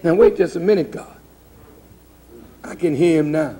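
A man's voice: a little high, normal speed, pauses often, warm tone, breathy edge. A middle-aged man who is a minister preaches a sermon in a conversational, dramatic and emphatic way. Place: lecture hall.

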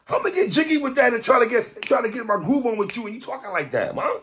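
A man hosting a podcast, ranting in animated commentary, stammering, repeating himself and shouting for emphasis. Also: very high voice, a little fast. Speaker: podcast host.

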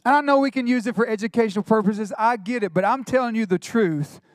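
A middle-aged male pastor, preaching a sermon with quick asides and retold dialogue. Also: high voice, no room sound, studio quality.

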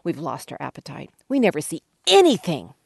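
A woman's voice: deep voice, huge pitch swings, a little fast, vocal fry, darkish tone, breathy edge, no room sound, studio quality, heavily acted. A woman reading a scripture passage aloud in a put-on whiny, complaining voice, as a desert wanderer fed up with the same food. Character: whining desert wanderer sick of manna.

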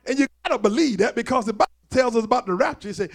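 High gravelly preaching man. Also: expressive, very fast, few pauses. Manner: preaching with rising shouts and a "huh?" after phrases. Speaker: pastor. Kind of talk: sermon. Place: church.

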